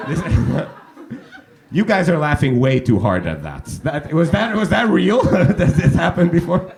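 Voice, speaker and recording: A male stand-up comedian working the crowd from a club stage, firing off teasing questions at people in the audience. His voice sits a touch high and swings widely in pitch, which keeps his delivery bouncy and animated. He is heard through a handheld stage microphone. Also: a little slow, vocal fry, a little hiss or hum.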